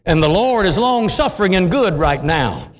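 A man preaching a sermon with impassioned, dramatic swings, dropping into deep voices for emphasis. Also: very animated, moderate pace. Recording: long hall reverb.

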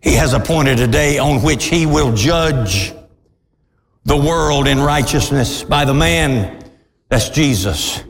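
A man preaching a fiery, old-fashioned sermon, swinging between shouted peaks and low, drawn-out lines. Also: big-room sound.

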